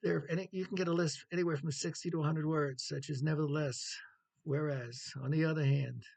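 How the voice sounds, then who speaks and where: A man delivers a writing lecture in a heavily gravelly voice with a husky edge. He talks in a measured way, with pauses, fillers and the odd cleared throat. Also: on the high side, steady tone, a little mellow. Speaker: writing instructor.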